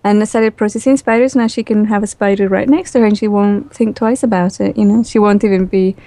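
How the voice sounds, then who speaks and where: A woman guest in a relaxed, chatty interview who laughs easily and uses lots of fillers. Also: mid-range voice, fairly quick. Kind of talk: casual spoken interview.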